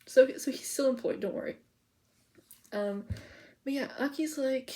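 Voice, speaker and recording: A woman's voice: a little high, normal speed, pauses often, a little mellow. A woman vlogger chatting casually to the camera, rambling and giggly, full of "like" and "okay?" as she info-dumps. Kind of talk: casual POV chat to camera.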